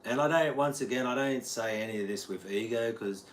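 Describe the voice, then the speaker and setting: A man's voice: medium pitch, brisk, a little hiss or hum. An Australian man, a guitar teacher, rambling casually on a livestream and answering viewers' chat. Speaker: guitar teacher streaming live.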